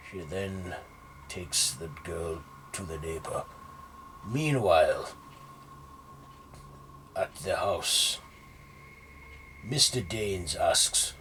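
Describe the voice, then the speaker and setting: Slow low-voiced male horror narrator. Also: animated, sharp tone, a little hiss or hum. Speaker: horror storyteller. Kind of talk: scripted narration.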